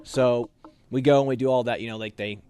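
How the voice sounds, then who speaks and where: A man's voice: medium pitch, fairly quick, clear, resonant tone. A man in a casual interview, telling a story with many fillers and acting out the voices of the people in it. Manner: animated, acts out quoted voices, many fillers. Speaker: officer candidate being interviewed.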